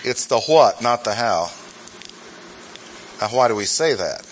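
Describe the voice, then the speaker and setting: A man's voice: on the low side, animated, measured pace, slight background noise. A male pastor preaching a sermon in a church, emphatic, repeating key points and asking rhetorical questions.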